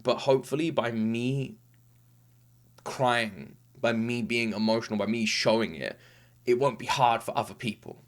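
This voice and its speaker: A man's voice: mid-range voice, moderate pace. A man in his thirties hosting a reaction video, talking in an earnest, heartfelt, rambling way with restarts, tearful after crying. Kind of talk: casual emotional monologue.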